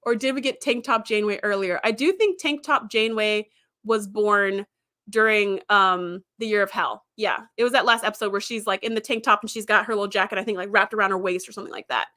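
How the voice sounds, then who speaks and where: Bright, chatty woman livestream host. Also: mid-range voice, fairly quick, dry recording, studio quality. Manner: chatty, rambling, frequent ums and likes, laughs easily. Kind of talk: casual livestream chat reading viewer comments.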